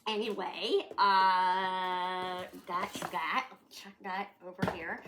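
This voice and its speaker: A woman's voice: fairly low pitch, steady tone, slow, few pauses, background noise. A middle-aged woman from Canada, chatting casually at home in a rambling way, swearing now and then. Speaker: vlogger. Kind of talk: casual chat.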